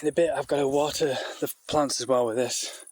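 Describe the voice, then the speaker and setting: A man giving a casual walk-and-talk vlog outdoors in a farmyard, rambling and chatty with many restarts, and coaxing his animals in a higher voice. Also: fairly even intonation, a little fast, a little mellow. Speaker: vlogger keeping poultry on a farm. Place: outdoors in a farmyard by a duck shed.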